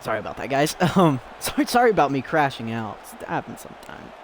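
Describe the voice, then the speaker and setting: A man casually commentating a fighting game, excitable and giggly, rambling between calls. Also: mid-range voice, fast talker, slight background noise.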